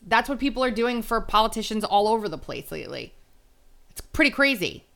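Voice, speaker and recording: A woman hosting a solo podcast, talking in a chatty, blunt way with quick asides. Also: a little high, sing-song, creaky, fairly bright tone. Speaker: podcast host. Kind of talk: casual solo podcast commentary.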